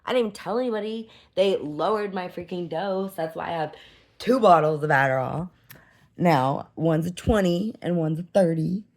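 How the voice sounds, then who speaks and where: Speaking in a deep, creaky voice, a woman in her thirties records a casual personal vlog. She wanders between thoughts, restarts frequently, fills gaps with "like" and "you know," and quickly becomes emotional.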